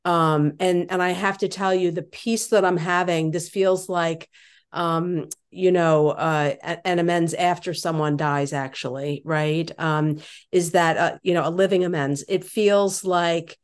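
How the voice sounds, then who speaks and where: A woman's voice: fairly low pitch, steady tone, measured pace, clean tone. A woman giving a reflective, hesitant recovery share over a video call. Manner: reflective, hesitant, many fillers. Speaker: meeting member sharing.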